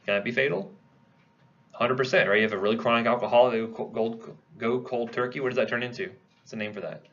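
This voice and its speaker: Fast-talking male lecturer, lo-fi recording. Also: mid-range voice, fairly bright tone. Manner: conversational, asks the class questions and answers them. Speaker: pharmacology lecturer. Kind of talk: classroom lecture.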